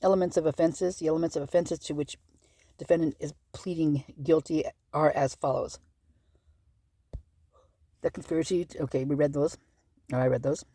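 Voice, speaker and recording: A woman hosts her own channel, working through a legal document aloud in a loose, rambling commentary full of fillers and restarts. Her voice is mellow and unhurried. The sound is dry and close, with no room around it. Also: low voice, steady tone, dry recording. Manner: rambling, chatty, with many fillers and self-corrections. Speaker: true-crime channel host. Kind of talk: casual commentary while reading a legal document.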